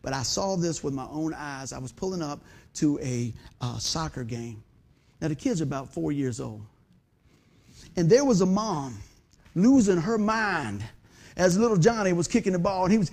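Middle-aged male pastor, high voice that swings all over, animated folksy sermon. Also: normal speed. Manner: animated folksy preaching with rhetorical questions.

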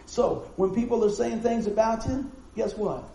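A man's voice: sits high, animated, moderate pace, vocal fry, dark tone, slight background noise. Folksy man preaching in an echoey hall. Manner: folksy, conversational preaching with rhetorical questions. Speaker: pastor. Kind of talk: sermon. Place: church hall with congregation. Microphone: live stream mic.

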